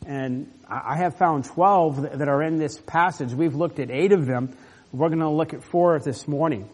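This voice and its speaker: A male pastor delivers a sermon, unpacking a passage with earnest, emphatic stresses at a moderate pace. His husky voice sits a little high for a man, and a long reverb makes it sound like a church sanctuary.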